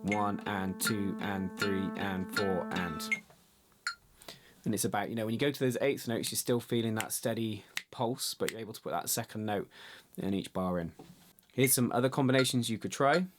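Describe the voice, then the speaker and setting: A man's voice: medium pitch, brisk. A man teaching guitar in an online lesson, explaining rhythm exercises in a chatty way and counting the beats aloud, with small restarts. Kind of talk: relaxed online music lesson.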